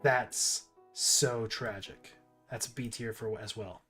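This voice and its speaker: A man's voice: fairly low pitch, fairly even intonation, slow, pushed and bright, slightly rough, faint music behind. A man streaming casual commentary while ranking movies, rambling with restarts and asides.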